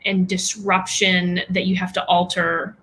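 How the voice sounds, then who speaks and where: A woman guest in a casual interview, speaking haltingly with many fillers and restarts and light laughs between phrases. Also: lowish voice, little pitch movement, a bit bright. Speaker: guest, women's health practitioner.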